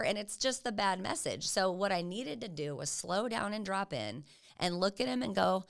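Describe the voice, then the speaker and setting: A woman's voice: medium pitch, animated, moderate pace, vocal fry, fairly bright tone. An older woman giving casual, earnest parenting advice, encouraging and acting out what parents could say. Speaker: parenting educator. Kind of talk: casual teaching talk.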